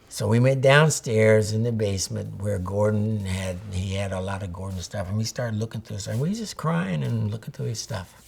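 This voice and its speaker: A gravelly, husky older man recalls old times in an interview, his voice sitting low. He tells his stories in a loose, rambling way and acts out both sides of past conversations. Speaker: photographer interviewee. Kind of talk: reminiscing interview.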